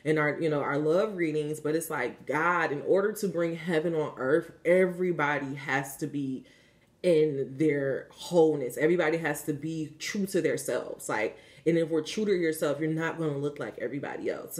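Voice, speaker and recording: Candid, chatty woman giving a spiritual reading. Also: sits low. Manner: chatty and candid, swears freely, many "like" fillers; coaching, asks the listener if they understand. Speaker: spiritual reader. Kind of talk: casual spiritual card reading.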